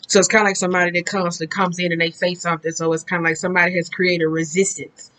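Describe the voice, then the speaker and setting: A woman's voice: fairly low pitch, little pitch movement, very fast, hardly any pauses, fairly bright tone, low-quality recording. Woman tarot reader, casual and blunt, swears freely, loose rambling delivery. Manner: blunt and profane, chatty and rambling. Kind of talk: casual tarot card reading.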